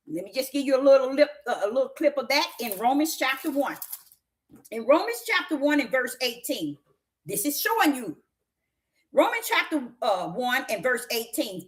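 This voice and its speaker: A prophetess preaches a sermon in a high, very animated voice at normal speed. Folksy and emphatic, she keeps questioning her listeners and now and then bursts into laughter.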